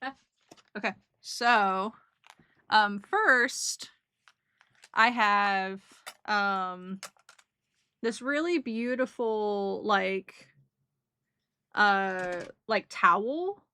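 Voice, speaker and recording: A woman's voice: medium pitch, very slow, long pauses, sharp tone, smooth. A young woman casually recapping a trip for her stream, rambling and emotional, with giggles and lots of fillers. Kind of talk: casual chat.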